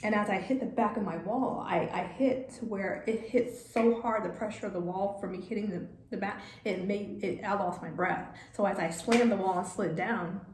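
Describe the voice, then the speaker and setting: A woman telling a personal story for her vlog, halting and hesitant, often restarting her sentences. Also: medium pitch, darkish tone. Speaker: vlogger. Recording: echoey room, faint background noise.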